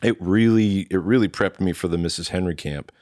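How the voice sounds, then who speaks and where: This drummer, a guest in a relaxed chat, has a low, slightly mellow voice and talks a little fast. His story rambles as he performs other people's words to him, with restarts, and the studio sound is clean with no echo.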